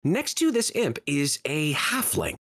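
A man's voice: a little high, unhurried. A man running a tabletop game as dungeon master, narrating the scene. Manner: lively, animated narration.

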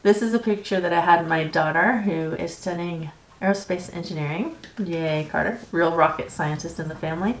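A woman's voice: fairly low pitch, a little fast, reverberant, a little hiss or hum, low-quality recording. A middle-aged American woman hosting a casual chat, explaining words patiently in an easygoing way. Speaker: host.

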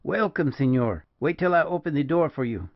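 A man reading the part of an old male shepherd who shouts eagerly to those at the gate. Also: a little high, lively intonation, normal speed, dry recording, muffled recording, voice pushed up. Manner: shouting, hailing.

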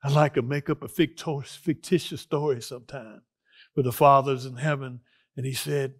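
A male pastor preaching a sermon with earnest emotion, dropping to near-whispers and rising to loud exclamations as he reads and explains scripture. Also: medium pitch, fairly even intonation, normal speed.

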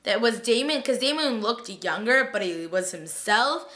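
A woman's voice: on the high side, expressive, moderate pace, bright, forceful tone. A young woman chatting through a TV episode recap late at night, gushing and tired, filling her talk with "like" and paraphrased quotes. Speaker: vlogger reviewing a TV episode.

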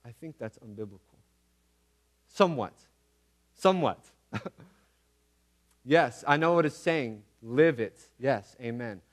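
A man's voice: medium pitch, a little slow, long pauses. A man preaching a casual, conversational sermon, earnest and repeating phrases for emphasis, with everyday slang. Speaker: pastor.

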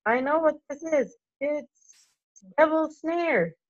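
A woman voicing a bossy know-it-all schoolgirl witch in a high, sharp, commanding voice, in a dull lo-fi recording. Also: slow pace.

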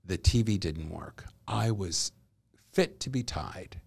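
A middle-aged man chatting as a podcast guest, telling lively stories and laughing as he talks. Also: low voice, fairly quick, gravelly, slightly rough. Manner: animated storyteller, laughs while talking. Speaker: guest, actor and comedian. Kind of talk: casual podcast chat.

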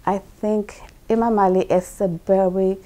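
A woman's voice: mid-range voice, steady tone, a little slow, mellow. Earnest woman in simple non-native English. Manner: earnest and emotional, repeats words for emphasis. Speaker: guest telling her conversion story. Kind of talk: personal testimony storytelling.

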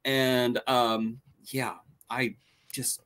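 A man in his forties co-hosting a casual chat, telling stories with animated enthusiasm. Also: medium pitch, extremely slow, smooth. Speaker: co-host.

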